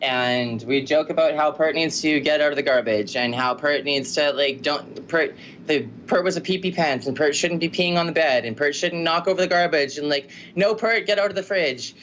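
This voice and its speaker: Excitable, laughing Canadian storyteller, man. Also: on the high side, moderate pace, a little hiss or hum. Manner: excitable, laughs often, many fillers. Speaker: podcast guest, musician. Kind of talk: animated storytelling on a video call. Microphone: video call.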